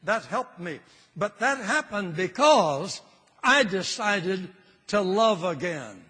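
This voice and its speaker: A man's voice: sits high, big pitch swings, slow pace, bright, forceful tone, breathy edge, in a large hall. An older man preaching a sermon with fervor, repeating phrases for emphasis.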